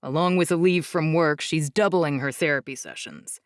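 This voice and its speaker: A woman voicing a tired, caring young husband in an audiobook, speaking low and weary. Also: moderate pace, no echo, clean studio sound, close to an everyday voice. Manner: low, weary and soft-spoken. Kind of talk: audiobook character voice.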